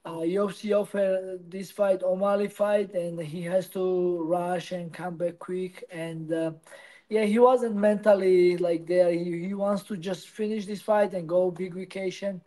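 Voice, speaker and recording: Interviewee, man, English speaker, halting delivery, high and mellow. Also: fairly even intonation, rough recording. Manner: halting, non-native English with many restarts. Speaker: interviewee, professional fighter. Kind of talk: casual interview answers.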